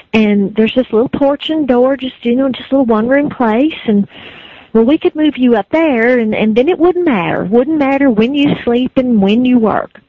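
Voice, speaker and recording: A woman's voice: a little high, dry recording, lightly acted. Woman playing a flustered, rambling country mother. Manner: hesitant, rambling, many restarts. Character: rural mother, flustered but firm. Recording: dry, phone-like lo-fi recording.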